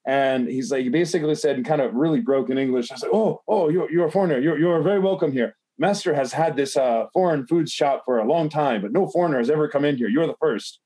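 A man's voice: a little high, quick pace, few pauses, dark tone. A man telling a long personal story in casual podcast chat, rambling with lots of fillers and swearing.

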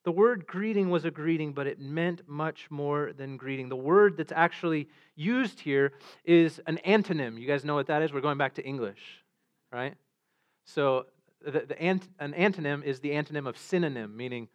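A man's voice: a little high, a little fast. A man preaching a sermon as pastor, earnest, often repeating words as he restarts. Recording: dull lo-fi sound.

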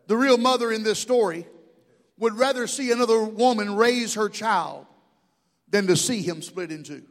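A middle-aged male pastor preaches an impassioned sermon in a church sanctuary, punctuated by call-and-response moments. He speaks in a high-pitched voice at a moderate pace, with long hall reverb around him.

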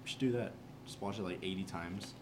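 A young man co-hosting a casual podcast, an excitable storyteller who acts out quoted dialogue. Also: low voice, fairly quick, very noisy. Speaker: podcast co-host. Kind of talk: casual chat.

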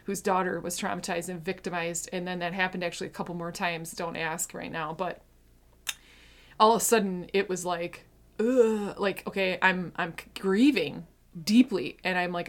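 A woman in her thirties giving a heartfelt personal faith testimony, earnest, swinging between hushed and intense. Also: lowish voice, fairly even intonation, moderate pace. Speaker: Christian speaker sharing testimony.

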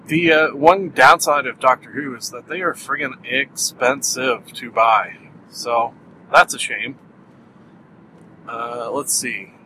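Casting note: Canadian male podcast host, bright and forward voice, self-amused rambling delivery. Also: medium pitch, a little hiss or hum, rough recording. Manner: rambling, self-amused, laughs at own jokes. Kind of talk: solo rambling review chat.

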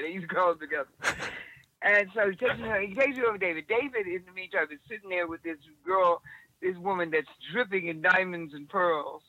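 A woman telling a story in an interview, animated, often restarting her sentences. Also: fairly low pitch, highs cut off. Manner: animated, with many restarts and acted-out quotes. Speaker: interview guest.

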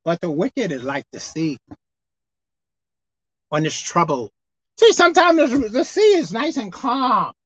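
A woman preacher giving a televised sermon, animated and swinging between loud exclaiming and low murmuring. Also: a little slow, pauses often, slightly rough, no room sound, poor audio.

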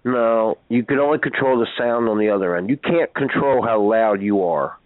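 A man rants at another caller on a chat line, argumentative and tripping over his own restarts. His pitch is average for a man. The sound is dry and tinny, like a cheap phone line. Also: moderate pace, no room sound. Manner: argumentative, ranting, stumbling restarts.

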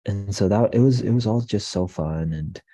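A young man and coffee shop owner, telling stories in a relaxed, rambling way with many fillers and restarts. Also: lowish voice, moderate pace. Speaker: guest, coffee business owner. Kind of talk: casual interview storytelling.

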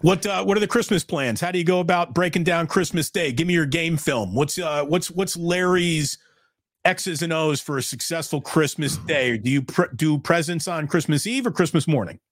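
A man's voice: fairly high pitch, normal speed, no echo, studio quality. A middle-aged man co-hosting a sports talk show, emphatic and blunt in casual chat. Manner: emphatic, blunt, repeats himself.

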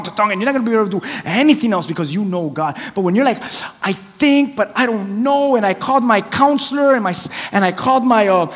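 Male pastor, high-pitched, lively storyteller acting out voices; recorded in a reverberant church hall. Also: breathy edge. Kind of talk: sermon. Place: church sanctuary.

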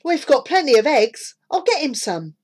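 A woman's voice: sits high, normal speed, pitched above the performer's own voice. A woman voicing an eager farm girl. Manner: excited, earnest.

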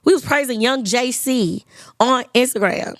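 Woman, 20s, casual podcast host, lively chatter, close dry sound. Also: a little high, a little slow, no room sound. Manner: lively, chatty, addresses listeners as y'all. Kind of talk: casual chat.

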